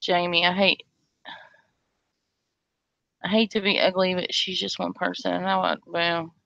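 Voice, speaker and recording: A woman's voice: lowish voice, level tone, unhurried, gravelly, bright, forceful tone, dry recording, muffled recording. A woman hosting a casual livestream chat, blunt and sarcastic as she talks with viewers. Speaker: livestream host.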